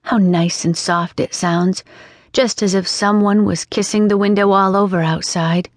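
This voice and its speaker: A woman's voice: medium pitch, fairly even intonation, measured pace, no echo, close to an everyday voice. A woman voicing a chatty, imaginative young girl in an audiobook, earnest and lilting. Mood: dreamy. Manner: earnest, scolding and dreamy by turns, lilting. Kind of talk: audiobook character reading. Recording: dry studio sound.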